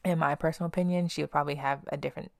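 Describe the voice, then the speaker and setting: A woman's voice: low voice, steady tone, racing, vocal fry, dry recording, clean studio sound. A young woman hosting a podcast, telling candid personal stories in a blunt, casual way and swearing freely. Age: young adult. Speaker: podcast host.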